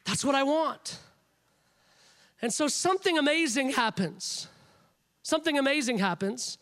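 Emphatic high-voiced male preacher. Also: animated, unhurried, a bit bright. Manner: emphatic, repetitive, building phrases. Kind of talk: sermon.

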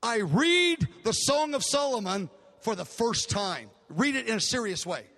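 An older man preaching as pastor speaks high and unhurried, with big swings in pitch and a pushed, bright tone. He retells a story emotionally and dramatically, performing the dialogue, while the large hall's long reverb hangs in the air.

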